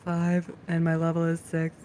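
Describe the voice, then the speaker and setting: A woman's voice: fairly low pitch, monotone, moderate pace, warm tone. A woman playing a tabletop game over a voice call, chatting, joking and thinking aloud with plenty of fillers. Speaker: player. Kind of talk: casual tabletop play.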